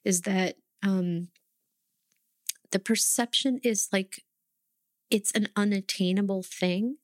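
A woman's voice: medium pitch, slow pace, no room sound. Earnest woman talking tarot, dry sound. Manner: earnest, emphatic, swears casually, acts out inner voices. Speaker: tarot teacher. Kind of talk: casual spiritual teaching talk.

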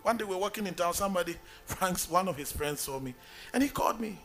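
Male pastor, emphatic sing-song sermon delivery, bright tone. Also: high voice, lively intonation, fast talker, soft background music. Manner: emphatic preaching, sing-song calls for amen.

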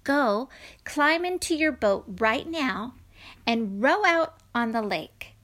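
A woman voicing a calm, gentle male teacher in a children's storybook, speaking softly and reassuringly. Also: high-pitched, slow pace, heavily acted. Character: gentle calm adult man, spiritual teacher.

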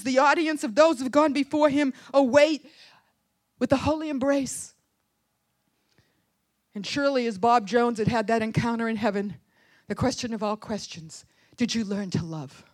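A woman preaching a sermon with a fervent, dramatic delivery, dropping to hushed tones and rising to crying out. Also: fairly high pitch, no echo. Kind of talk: impassioned sermon storytelling.

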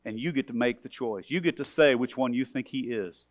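A man preaching a sermon as pastor, animated, acting out voices and swinging between loud calls and hushed lines. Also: mid-range voice, brisk.

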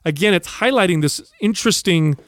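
A man with a fairly high voice tells a story on a podcast. He talks casually, animated, and acts out the people in his story. The sound is close and dry. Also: a little fast, no room sound. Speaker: podcast co-host.

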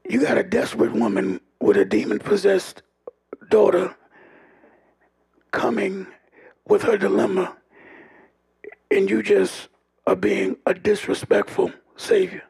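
A man preaching a sermon in a call-and-response style, often shouting and dropping humorous asides to the congregation. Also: high-pitched, animated, unhurried, pauses often. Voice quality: gravelly, raspy.

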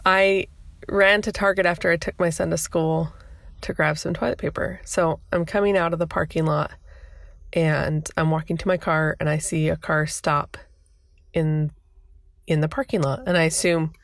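A woman's voice: low voice, fairly even intonation, moderate pace, dry recording. A woman in her thirties hosting a podcast, telling a personal story in an emotional, flustered, rambling way. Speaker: podcast host.

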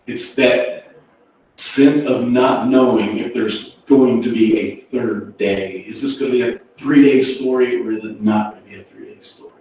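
A man preaching a sermon, swinging from hushed, slow phrases to shouted ones. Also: mid-range voice, slight background noise. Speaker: pastor. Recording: echoey hall from far off.

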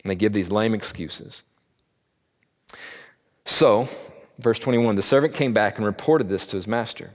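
Lower-voiced man teaching in a reverberant hall. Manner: conversational, jokey, acts out the characters in quick asides. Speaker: Bible teacher. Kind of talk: casual Bible teaching. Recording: long reverb of a large hall.

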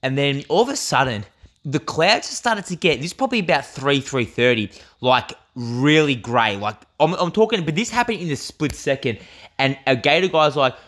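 A man's voice: a little high, lively intonation, moderate pace, fairly bright tone. A young Australian man co-hosting a podcast in casual chat, rambling through a story with lots of fillers and swearing. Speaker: podcast co-host.

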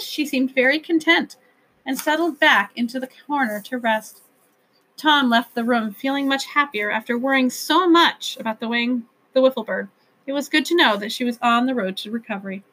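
A woman reading a children's novel aloud as narrator, with gentle, expressive storytelling. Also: high voice, moderate pace.

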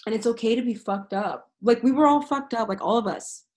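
A woman's voice: on the high side, brisk, poor audio. A woman who is a teacher, talking candidly as a podcast guest, earnest and frank, swearing freely and laughing easily. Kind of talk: casual, candid interview talk.

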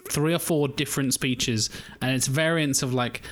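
A man's voice: mid-range voice, steady tone, normal speed, fairly bright tone, slight background noise. A man co-hosting a casual film review podcast, swearing often, laughing and acting out quotes. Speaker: podcast co-host.

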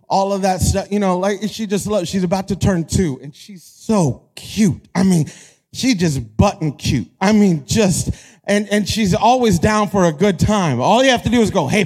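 A young pastor preaching with a high, bright voice for a man. He talks animated and lively, rising into shouted peaks and acting out little quoted voices. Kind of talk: energetic sermon.

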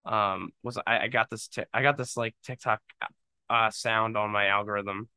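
A man's voice: on the low side, steady tone, normal speed, bright, forceful tone, clear, resonant tone, no room sound. A young man hosting his own podcast, rambling casually with jokes and lots of fillers. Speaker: podcast host. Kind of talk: casual solo podcast monologue.

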